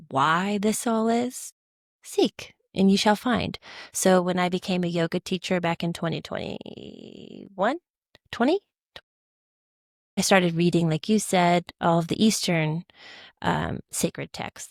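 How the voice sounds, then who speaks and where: A woman guest on a podcast, talking in a casual, animated way and telling stories expressively. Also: fairly low pitch, dry recording, clean studio sound. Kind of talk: casual conversational chat.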